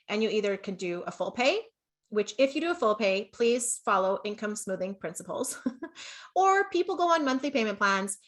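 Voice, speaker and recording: A woman's voice: medium pitch, fairly bright tone. A woman with a Canadian accent teaching an online business masterclass, chatty and upbeat, often laughing at herself and checking in with "okay?". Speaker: business coach.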